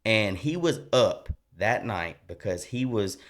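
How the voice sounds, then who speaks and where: Earnest, low-voiced man telling his testimony. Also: a little slow. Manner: earnest, animated storyteller; colloquial and rambling, with many restarts. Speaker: podcast guest. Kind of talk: personal testimony storytelling.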